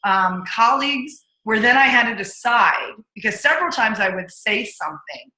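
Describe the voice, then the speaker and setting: A woman guest coach telling stories in an interview, energetic and punchy, acting out her own inner voice. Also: a little high, normal speed, reverberant, rough recording. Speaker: podcast guest, accountability coach. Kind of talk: candid interview storytelling.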